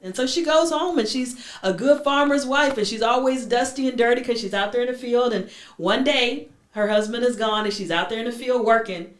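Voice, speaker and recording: A woman hosting a talk show, telling a story with lively energy and acting out its characters, in a room with her guests. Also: fairly high pitch, brisk. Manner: animated storyteller, acts out characters. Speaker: host. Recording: echoey room, mic at a distance.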